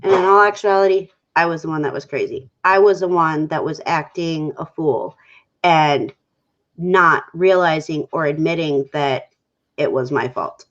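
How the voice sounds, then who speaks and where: A woman's voice: low voice, a little slow. A woman speaks unhurriedly on a talk show, openly sharing a personal story. She acts out old exchanges as she talks. The sound is dull and lo-fi. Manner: candid, animated storytelling that acts out her own past quotes. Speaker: guest. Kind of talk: casual talk show conversation.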